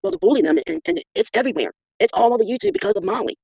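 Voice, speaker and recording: A middle-aged or older speaker pours out words very fast in an emphatic, defensive manner, with a gravelly edge. The pitch swings widely. The stream audio is dry and muffled. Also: sing-song, a little mellow, dry recording. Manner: emphatic, defensive, talks in rushes. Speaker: guest on a livestream. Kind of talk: casual livestream chat.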